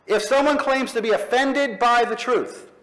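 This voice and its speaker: Higher-pitched man giving an emphatic speech. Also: fairly bright tone, poor audio. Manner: emphatic, slow, punchy declarations with pointed pauses. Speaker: speaker at an atheist convention. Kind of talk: public speech to a live audience. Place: live event in front of an audience.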